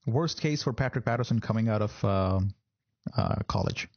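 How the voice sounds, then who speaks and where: Husky-voiced man hosting a sports podcast. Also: fairly low pitch, huge pitch swings, normal speed, muffled recording. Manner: rambling, repeats words with filler. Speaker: podcast host. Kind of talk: casual sports chat.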